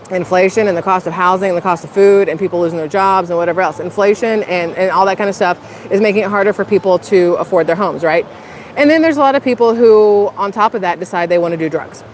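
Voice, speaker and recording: A woman's voice: mid-range voice, a little hiss or hum. Rambling woman vlogging outdoors. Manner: chatty, rambling, self-conscious, addresses viewers as y'all. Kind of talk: casual storytelling vlog. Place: outdoors in a public spot.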